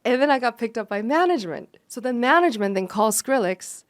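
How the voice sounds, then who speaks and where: A middle-aged woman guest telling anecdotes in an animated chat, laughing often and acting out the people she quotes. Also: a little high, fairly quick. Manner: lively, laughing, acts out quoted voices.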